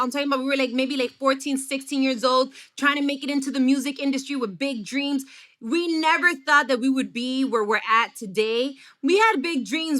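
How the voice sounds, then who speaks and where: Bright-voiced bilingual woman host. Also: sits high. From Miami. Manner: animated, effusive, slips into Spanish. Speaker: podcast host. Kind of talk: casual podcast chat.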